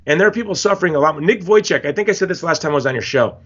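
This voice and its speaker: A man's voice: on the high side, lively intonation, very fast, a bit bright, muffled recording. A man speaking as a guest in a podcast interview, telling stories with passion and emphatic repetition. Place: Hawaii.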